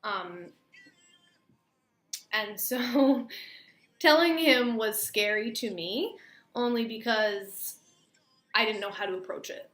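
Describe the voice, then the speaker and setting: A young adult woman vlogger speaks slowly with frequent pauses, her voice a little high and a bit bright. She relates a personal story in a relaxed, chatty storytime way, peppered with "like," over roomy echo and faint room noise.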